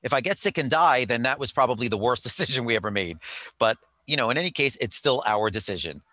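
Bright-toned man, chatty and rambling. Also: medium pitch, expressive, fast talker, no echo. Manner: chatty, rambling, wry asides. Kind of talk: casual storytelling monologue. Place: hotel on vacation.

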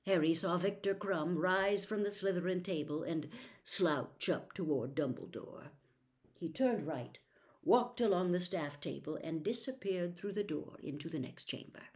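A woman reading a novel aloud as a storyteller, narrating in a steady, expressive way. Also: fairly low pitch, measured pace.

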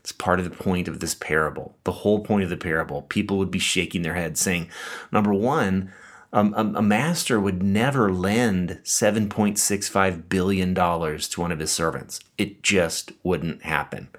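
A man's voice: sits low, normal speed. A man preaching a sermon in a conversational way, reading scripture and explaining it with asides. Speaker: pastor.

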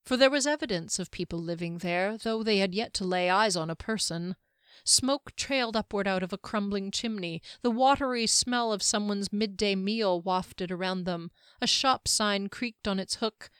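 A woman reading a fantasy novel aloud in a steady, even storytelling manner. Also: mid-range voice, moderate pace, smooth, no room sound, clean studio sound. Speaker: audiobook narrator. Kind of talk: scripted fantasy narration.

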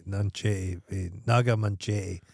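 A man's voice: on the low side, steady tone, normal speed, gravelly, no echo, studio quality. A Scottish man co-hosting a podcast in casual chat, sardonic and crude, swearing freely. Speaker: podcast co-host.

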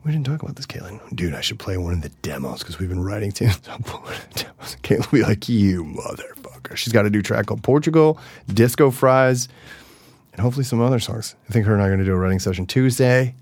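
Animated, profane man on a podcast. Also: on the low side, fast, breathy edge, no room sound. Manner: animated and profane, swings from loud bursts to mutters. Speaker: podcast host. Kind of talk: casual solo podcast chat.

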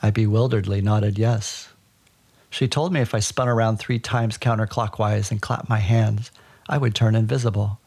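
Male podcast storyteller, deadpan and wry, low voice with gravelly fry. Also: moderate pace. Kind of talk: personal story narration.

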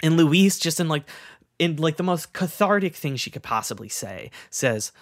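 A man's voice: fairly high pitch, animated, normal speed, dry recording. A man co-hosting a casual podcast, who keeps slipping into laughter as he tells a story. He talks loosely and leans on plenty of fillers. The sound is dry and close, with no room in it. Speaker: podcast co-host. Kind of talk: casual chat.

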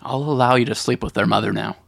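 A man co-hosting a comedy podcast, animated and mock-outraged as he riffs. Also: mid-range voice, fast talker, gravelly, dry recording. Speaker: podcast co-host. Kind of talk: improvised comedy chat.

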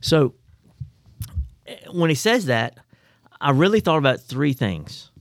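A man co-hosting a casual Bible study podcast, telling the stories in an animated way. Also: a little high, slow pace, no echo, clean studio sound. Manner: animated storyteller. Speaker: podcast co-host.

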